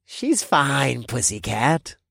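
A man's voice: medium pitch, sing-song, takes it slowly, vocal fry, a bit bright, dry recording, clean studio sound, exaggerated voice. A man voicing a cruel, mocking male cultist in an audiobook, with a taunting delivery.

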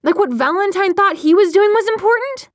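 Sharp urgent young woman, audiobook, woman reading her, higher dry voice. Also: moderate pace, no room sound, natural voice. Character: young woman, fierce and incredulous.

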